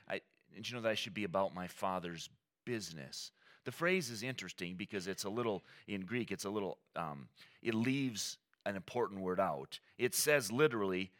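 A man preaching a sermon in a conversational, animated way, often acting out quoted lines. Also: on the low side. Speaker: pastor.

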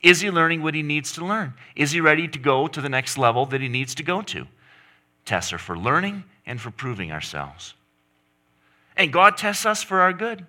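A man's voice: a little high, big pitch swings, normal speed, bright, forceful tone. A middle-aged man preaching a sermon, emphatic, pushing his voice up and down to stress points. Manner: emphatic, rising and falling for stress. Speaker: pastor.

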